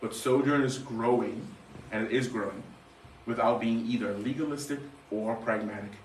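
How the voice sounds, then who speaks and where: A man preaching a sermon as a guest pastor, animated and joking, with sarcastic asides and quick questions to the congregation. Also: medium pitch. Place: church sanctuary. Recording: roomy church hall, mic at a distance, faint background noise.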